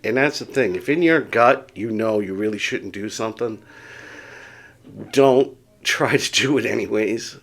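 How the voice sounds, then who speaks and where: A man's voice: on the low side, a little slow, fairly bright tone. Rambling middle-aged man telling a story. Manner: rambling, chuckling, self-deprecating. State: recovering from dizziness. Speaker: vlogger. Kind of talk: casual storytelling vlog.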